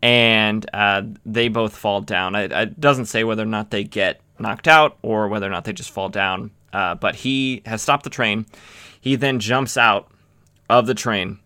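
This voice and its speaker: A man hosting a comic book podcast, casually recapping an issue in a rambling way, with lots of "uh" and "you know" and quick acted-out quotes. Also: lowish voice, steady tone, bright, forceful tone, smooth, dry recording. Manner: rambling, many fillers and restarts, acts out quotes.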